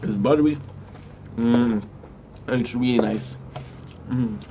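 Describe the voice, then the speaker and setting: On a live stream, a man with a mid-range voice chats casually and slowly while eating spicy food. He rambles, restarts his sentences, and makes frequent "mm" sounds over background noise.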